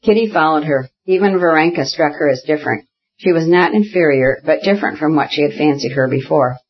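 A narrator reading a classic novel in a measured, even manner with a husky voice. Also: mid-range voice, muffled recording. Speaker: audiobook narrator.

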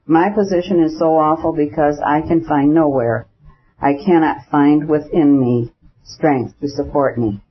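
A crushed, self-pitying official speaks in stiff, plaintive phrases, as a male audiobook reader puts him on. The voice sits a little high and sounds husky. The audio is dull and lo-fi. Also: fairly even intonation, a little slow. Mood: despairing. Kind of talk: audiobook character reading. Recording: dull lo-fi recording.

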